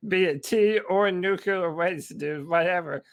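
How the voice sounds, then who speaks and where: A man with a fairly high voice chats on a casual podcast. He cracks jokes, laughs easily and talks in loose slang. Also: a little slow. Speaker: podcast co-host.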